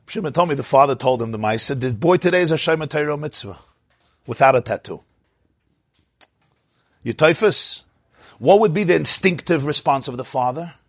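Man, rabbi giving a Torah class; higher voice, dry close sound, animated and questioning. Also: normal speed, long pauses, breathy edge, dry recording. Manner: animated, asks the audience "huh?" and acts out quotes.

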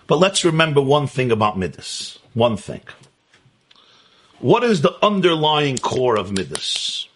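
Husky man giving an animated religious lecture. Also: medium pitch, unhurried. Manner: emphatic, rhetorical questions, repeats key words. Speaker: Torah teacher. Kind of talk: Hasidic lecture.

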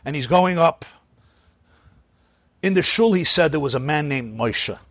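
A man preaching, telling a story in an animated, conversational way with frequent asides. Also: on the high side, unhurried, no echo. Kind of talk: sermon storytelling.

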